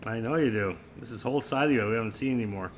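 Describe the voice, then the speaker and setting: A man's voice: lowish voice, a little hiss or hum. A man co-hosting a casual talk stream, joking and teasing his guest. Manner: joking, teasing, puts on quick silly voices. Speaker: co-host. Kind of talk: casual chat.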